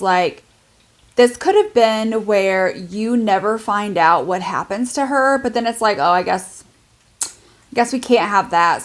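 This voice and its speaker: A young adult woman chatting casually in a book review vlog, filling her talk with "like". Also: a little high. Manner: chatty, lots of "like" fillers. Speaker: book vlogger.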